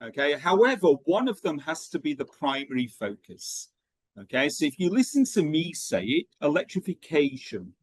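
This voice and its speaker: A man running an online teacher training session, talking in a steady rhythm with frequent ums and okays. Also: a little high, moderate pace, no room sound, poor audio.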